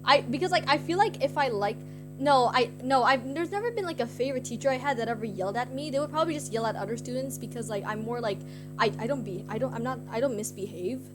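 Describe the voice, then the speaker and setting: High-voiced young woman rambling to her chat. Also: quick pace. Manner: rambling, heavy use of "like" fillers; giggly and self-conscious. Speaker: streamer. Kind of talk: casual storytelling to chat. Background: guitar music.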